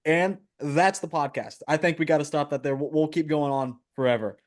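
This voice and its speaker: A man co-hosting a casual bodybuilding podcast, animated and quick to laugh, often repeating his phrases. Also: on the high side. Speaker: podcast co-host.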